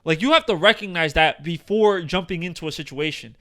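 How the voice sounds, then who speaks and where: Young male podcast co-host, high-pitched and bright, rambling profane storyteller. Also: fairly quick. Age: 20s. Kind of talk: casual chat.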